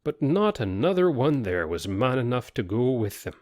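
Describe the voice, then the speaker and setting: A man's voice: mid-range voice, sing-song, normal speed, a little mellow, no echo, studio quality. A man narrating a story aloud in a folksy, rustic dialect. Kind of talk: storytelling reading.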